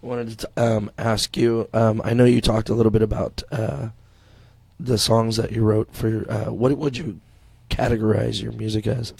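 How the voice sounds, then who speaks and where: A man hosting a podcast who is losing his voice, hoarse and asking halting questions. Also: fairly low pitch, little pitch movement, darkish tone, no echo. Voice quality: hoarse, gravelly. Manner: halting questions, short acknowledgements. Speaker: podcast host.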